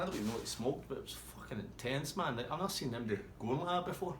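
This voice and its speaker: A man's voice: medium pitch, lively intonation, rapid-fire, few pauses, a bit bright, reverberant, a little hiss or hum. Swearing man telling a rambling pub story. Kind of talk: casual anecdote.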